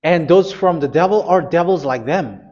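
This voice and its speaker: Male preacher, high-ish voice, forceful repeated commands, dull lo-fi audio. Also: animated, moderate pace. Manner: emphatic, repetitive commands with hesitations. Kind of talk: sermon.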